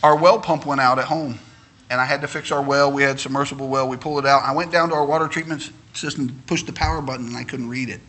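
A man's voice: medium pitch, steady tone, quick pace, pushed and bright. A middle-aged male pastor preaching a sermon, telling homey stories that build into fervent preaching.

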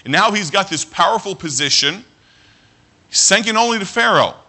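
A man preaching a sermon as pastor, earnest, often restarting his phrases and slowing down to read scripture. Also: high-pitched, expressive, bright, forceful tone.

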